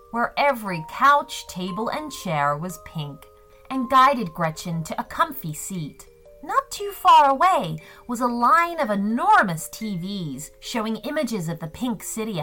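A woman narrating a children's story in a gentle, expressive way. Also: mid-range voice, measured pace, faint music behind.

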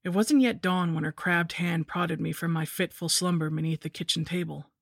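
A woman narrating a scripted horror story in a measured, somber way. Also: lowish voice, steady tone, gravelly, no room sound, clean studio sound.

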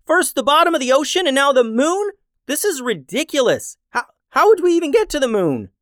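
A man voicing a young adventurous boy who gets anxious and exasperated, with high, whiny, rushed outbursts. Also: animated, a bit bright, clean tone, dry recording, clean studio sound.

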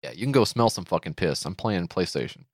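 A man's voice: sits low, lively intonation, fast, no room sound, studio quality. A man co-hosting a podcast in casual comedic chat, swearing freely and riffing with sarcastic asides. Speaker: podcast co-host.

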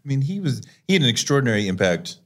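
A man's voice: medium pitch, big pitch swings, racing, fairly bright tone. A man hosting an interview podcast, asking enthusiastic, admiring questions in casual chat. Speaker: podcast host.

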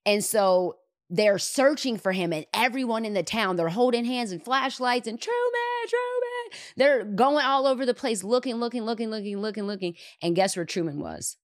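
A woman hosting a podcast, retelling a movie scene in an animated way and repeating words for emphasis. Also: medium pitch, normal speed, dry recording, clean studio sound. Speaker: podcast host. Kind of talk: retelling a movie in casual chat.

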